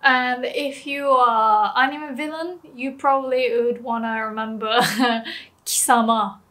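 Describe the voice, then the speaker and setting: A woman's voice: on the high side, fairly even intonation, slow, bright, forceful tone. A young woman teaching a language lesson in a casual, playful way, laughing often and acting out example phrases.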